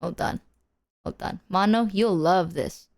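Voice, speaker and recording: A woman's voice: lowish voice, unhurried, vocal fry, a little mellow. A woman streamer chatting casually with her viewers, playful and swearing freely, breaking into silly sung bits.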